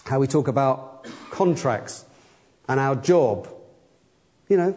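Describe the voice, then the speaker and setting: A man's voice: mid-range voice, animated, slow, pauses often, darkish tone. A middle-aged man, a church elder, giving a conversational sermon with wry humor and acted-out quotes.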